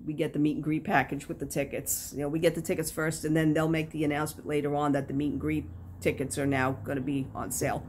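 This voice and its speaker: A woman's voice: low voice, quick pace, slight background noise. A middle-aged woman chatting to the camera in a casual, rambling vlog, telling stories with lots of fillers. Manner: rambling, animated storytelling with many fillers. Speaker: crafting vlogger.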